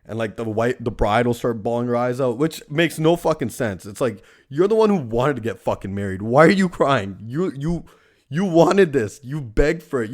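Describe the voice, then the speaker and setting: A young man with a middle-pitched voice rants through a casual monologue. He swears constantly and leans on "like" as a filler, with a loose, profane delivery. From Canada. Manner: profane ranting, heavy use of "like". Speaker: podcast host.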